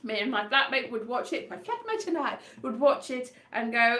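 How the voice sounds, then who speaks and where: High-voiced whimsical woman. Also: lively intonation, moderate pace, few pauses, sharp tone. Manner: whimsical, playful, wandering off on tangents. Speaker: solo live-stream performer. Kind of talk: rambling improvised comic chat between songs. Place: indoor room. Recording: echoey room with faint guitar.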